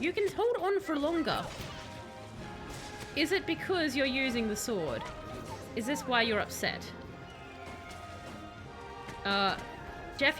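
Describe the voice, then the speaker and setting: A young woman streaming a game, chatting casually and excitedly, joking and calling out to her companions. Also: a little high. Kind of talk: casual live gameplay commentary.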